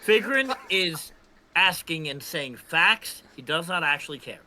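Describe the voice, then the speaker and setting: A man playing a tabletop game, eagerly planning his character's moves out loud. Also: fairly high pitch, lively intonation, unhurried. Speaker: player.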